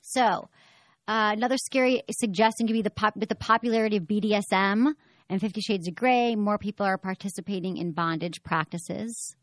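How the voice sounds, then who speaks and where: A woman's voice: mid-range voice, fairly quick, no room sound, clean studio sound. A woman hosting a sex-advice talk show, talking frankly and chattily and acting out little voices as she goes. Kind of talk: casual radio-style chat.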